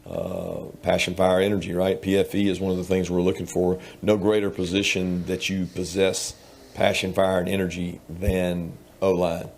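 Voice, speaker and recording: A man's voice: deep voice, normal speed, vocal fry, a little mellow, a little hiss or hum. A man who coaches football, speaking bluntly and intensely at a press conference. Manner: blunt, intense, repeats himself.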